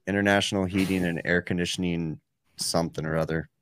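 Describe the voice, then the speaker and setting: A man hosting a podcast, talking in a relaxed, rambling way with lots of filler words. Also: sits low, fast talker, smooth. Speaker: podcast host. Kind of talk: casual chat.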